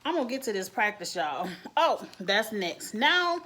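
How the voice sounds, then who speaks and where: A woman reviewing a TV episode in a casual vlog, retelling scenes in an animated, blunt, slangy way and laughing often. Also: mid-range voice, normal speed. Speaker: TV show reviewer.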